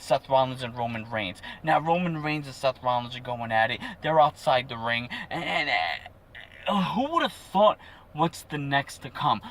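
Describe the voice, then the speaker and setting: Excitable young man recapping wrestling. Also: fairly high pitch. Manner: excitable, jokey play-by-play with frequent fillers. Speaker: wrestling show reviewer. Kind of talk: casual recap.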